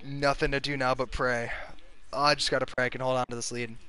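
Young male gamer host, swears a lot while he plays, bright tense voice. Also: mid-range voice, little pitch movement, a little fast, clear, resonant tone. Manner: profane, frustrated, talks to his players. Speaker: gaming video host. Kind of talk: casual gameplay commentary.

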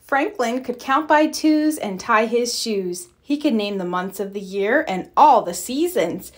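Slow, expressive woman reading a children's story. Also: on the high side. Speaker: storybook reader. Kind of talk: children's read-aloud narration.

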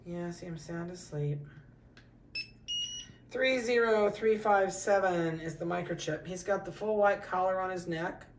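A middle-aged woman dog breeder in a casual puppy update, cooing softly to the litter and giving brisk practical notes to buyers. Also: lowish voice, distant mic, noisy background. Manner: coos softly to puppies, then gives brisk practical notices to buyers.

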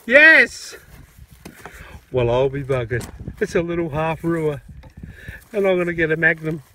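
An excitable Australian man chatting and joking outdoors in a paddock while metal detecting. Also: fairly high pitch, moderate pace, a little hiss or hum. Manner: excitable, jokey, laughs often. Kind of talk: casual outdoor vlog chat.

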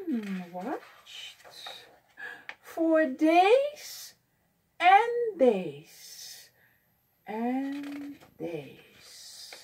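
A woman librarian reading a picture book aloud at storytime, in an expressive, sing-song way. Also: high-pitched. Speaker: children's librarian.

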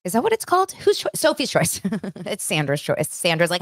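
A woman in her thirties hosts a chatty podcast in a fairly low voice, recorded dry and close with no room sound. She tells stories excitedly and acts out other people's lines. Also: a little fast, no room sound. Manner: excitable, animated retelling with acted-out quotes. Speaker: podcast host. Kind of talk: casual chat recapping reality TV.

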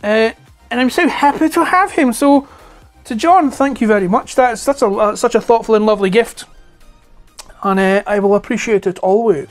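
Scottish guy in his 40s, hoarse throaty voice like it's about to crack, rambly sweary chat at home. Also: high voice, moderate pace, faint music behind. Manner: rambling, chatty, swears freely. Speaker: toy collector vlogger. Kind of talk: casual chat to camera. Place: at home indoors. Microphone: clip-on lapel mic.

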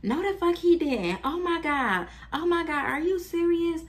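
A frantic young woman protests her innocence in a squeaky, much higher voice, as a storyteller puts her on. She gushes out denials in an overexcited rush. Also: expressive, normal speed. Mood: alarmed. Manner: frantic, high-pitched protests.

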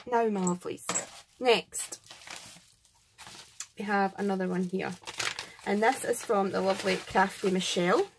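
In a mid-range voice, a Scottish craft host unboxes gifts at a measured pace, pausing often as she chats to the camera. She's gushing and talkative, thanking each person who sent something warmly. Background noise runs through the recording.

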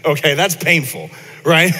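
A man's voice: on the high side, a little slow, bright, forceful tone. A man preaching a casual, conversational sermon to his congregation, often repeating words and asking them questions. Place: church sanctuary. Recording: long church hall reverb.

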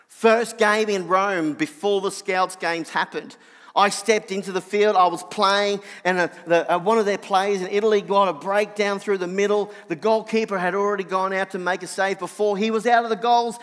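A middle-aged Australian man with a nasal voice, telling a personal story in an animated sermon. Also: big-room sound. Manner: animated anecdotal, drops soft and low for reflection. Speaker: preacher.

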